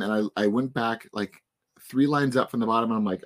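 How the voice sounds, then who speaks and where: Hoarse man hosting a podcast. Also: mid-range voice, brisk. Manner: animated storytelling, frustrated rants. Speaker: podcast host. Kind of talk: casual chat.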